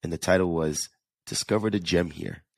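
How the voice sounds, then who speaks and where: A man's voice: sits low, moderate pace, gravelly, darkish tone, dry recording. A man with a New York–New Jersey accent hosting a casual solo podcast, chatty and earnest, often restarting and repeating words. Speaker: podcast host.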